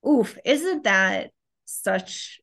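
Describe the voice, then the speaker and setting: A woman with a mid-range voice in an easy, casual conversation. She reacts to a story with quick jokes and curious questions. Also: medium pitch, expressive, fairly bright tone. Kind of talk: casual chat.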